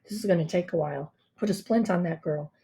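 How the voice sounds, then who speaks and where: A woman voicing a gruff, brusque male ambulance worker who gives low, clipped orders. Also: fast talker, dark tone, lightly acted.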